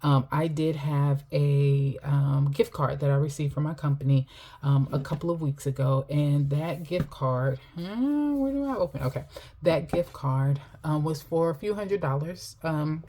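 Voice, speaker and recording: A woman's voice: sits low, a little slow, warm tone. A middle-aged woman telling a personal story while chatting casually to camera about her finances, laughing often.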